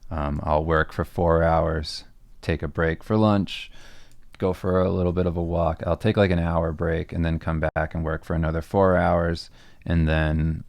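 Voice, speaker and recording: A man co-hosting a livestream, a comic artist answering viewer questions in a relaxed, rambling way with lots of fillers. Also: deep voice, unhurried, vocal fry, no room sound, studio quality. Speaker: comic artist and podcast co-host.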